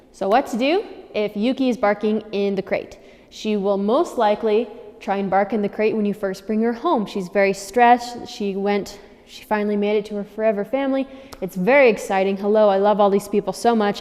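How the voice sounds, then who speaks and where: A woman's voice: medium pitch, darkish tone, long reverb tail. A woman dog trainer giving firm, practical instructions to new owners, repeating key warnings for emphasis. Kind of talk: instructional handover talk.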